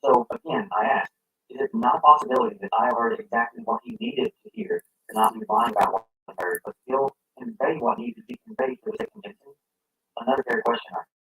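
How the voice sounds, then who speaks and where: Fast, animated man narrating commentary. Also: medium pitch, gravelly, slightly rough, low-quality recording. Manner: argumentative, poses rhetorical questions.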